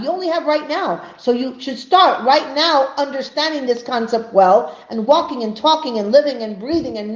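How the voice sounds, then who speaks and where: A woman with a fairly high voice teaches an earnest religious lesson, pressing her points with emphasis. The sound is dull and muffled, with an echoey room around her. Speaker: Torah teacher.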